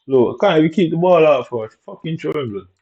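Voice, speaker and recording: A man with a slightly high voice rants and mutters heavily while commentating his own gameplay, moving at a quick pace with lively intonation. His tone is mellow and dark, steadily aggrieved, and the audio is dull and lo-fi.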